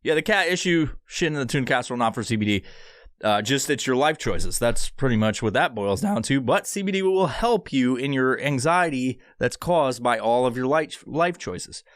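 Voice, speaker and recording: A man's voice: medium pitch, animated, normal speed, no room sound. A man hosting a solo podcast from a studio, rambling and swearing through a sponsor read. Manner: rambling, profane, sarcastic. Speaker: podcast host.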